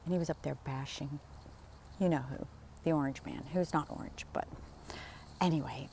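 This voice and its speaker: A woman's voice: deep voice, moderate pace, vocal fry, a little mellow, a little hiss or hum. A woman in her sixties chatting casually to a phone camera while walking outdoors in the desert, telling stories in a rambling way and acting out the people she quotes. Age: 60s. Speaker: vlogger.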